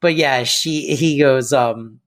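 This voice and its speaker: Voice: mid-range voice, slow. A podcast co-host chatting casually about a sitcom episode, rambling through favorite scenes and laughing at the jokes. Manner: rambling, acts out quoted lines and laughs at them.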